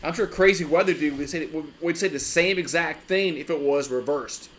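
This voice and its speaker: A man's voice: on the high side, normal speed, a bit bright, a little hiss or hum. A man hosting a live sports fan stream, talking in a loose, rambling way with lots of restarts and frequent swearing.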